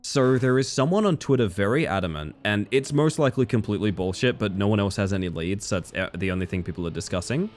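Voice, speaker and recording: A man's voice: fairly low pitch, fast talker, hardly any pauses, faint music behind. A young man streaming a game live, chatting casually with viewers and swearing freely. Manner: casual and profane, reading and answering chat. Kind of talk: casual live-stream chat while gaming.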